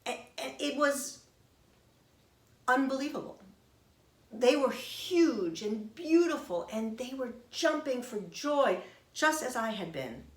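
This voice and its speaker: A middle-aged woman telling a personal story in an expressive, animated way. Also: sits high, slow. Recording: roomy echo.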